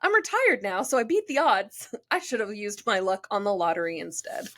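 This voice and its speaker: A woman's voice: medium pitch, moderate pace, slight background noise. Giggly, chatty young woman co-host. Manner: chatty, giggly, animated when reading stories. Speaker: podcast co-host. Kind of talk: casual chat and reading listener stories aloud.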